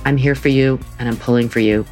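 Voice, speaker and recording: A woman who teaches yoga, giving a motivational talk in an earnest, gently urging way and slowing down to stress key words. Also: extremely low pitch, steady tone, faint music behind.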